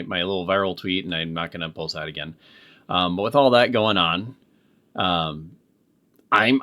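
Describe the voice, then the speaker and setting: Rambling halting man reacting to clips. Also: deep voice, pushed and bright. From Minnesota. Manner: rambling, halting, many restarts. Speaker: commentary channel host. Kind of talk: casual reaction commentary.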